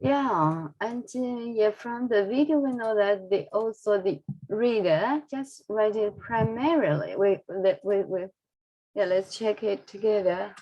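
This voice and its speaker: A woman's voice: mid-range voice, a little slow, warm tone, lo-fi sound. A woman teaching an English lesson, drilling pronunciation with many repetitions and fillers. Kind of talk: online English lesson with Buddhist prayer.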